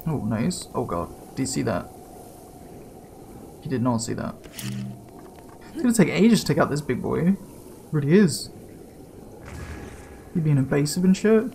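A man giving casual gameplay commentary, excitable and slangy, swearing and yelping as he plays. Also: a little high, moderate pace, creaky, pauses often, a little hiss or hum. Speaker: let's play gamer.

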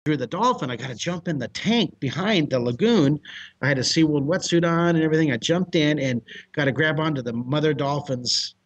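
Excitable storytelling American man. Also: fairly high pitch, fairly quick. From United States. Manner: excitable, shouts and laughs mid-story. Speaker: guest, drawing teacher. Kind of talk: animated storytelling.

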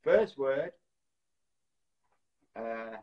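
A man's voice: medium pitch, lively intonation, extremely slow. A man hosting a casual live stream, acting out film titles and reading out viewers' guesses as they come in. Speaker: host of an Instagram live stream. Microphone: phone. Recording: lo-fi phone live stream audio.

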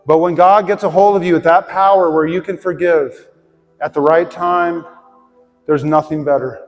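A man's voice: fairly high pitch, steady tone, normal speed. A male pastor giving an earnest, heartfelt sermon built around a personal story and ending in prayer. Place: church sanctuary. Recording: long hall reverb, faint music.

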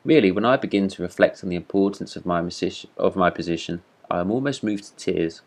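A man's voice: low voice, fairly quick. A man voicing a pompous, vain talking firework rocket in a read-aloud storybook, haughty and indignant. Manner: haughty, self-important, indignant.

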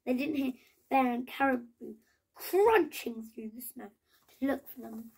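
Slow, gravelly-voiced woman reading aloud. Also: high-pitched, animated. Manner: slow, gentle read-aloud with small restarts. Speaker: storybook reader. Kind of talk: reading a picture book aloud.

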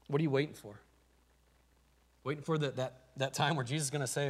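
A middle-aged man with a Midwestern American accent preaching a sermon as pastor, moving from hushed storytelling to loud, stammering pleading. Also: a little high, quick pace. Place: church sanctuary.

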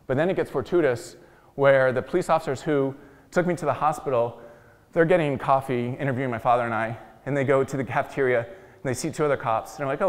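A man giving a talk to an audience, telling his story with self-deprecating jokes. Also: mid-range voice. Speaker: guest speaker. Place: large meeting hall. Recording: long hall reverb.

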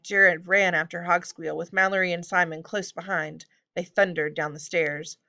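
A woman narrating a storybook aloud with a steady, clear reading. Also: on the low side. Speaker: audiobook reader.

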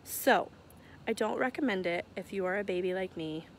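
A woman's voice: medium pitch, moderate pace, a little hiss or hum. A young woman hosting a casual live stream, chatty and giggly, laughing at herself while walking outside her house. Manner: chatty, giggly, self-deprecating. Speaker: livestream host announcing charity winners. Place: outdoors near her house at night, walking around. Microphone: phone held at arm's length.

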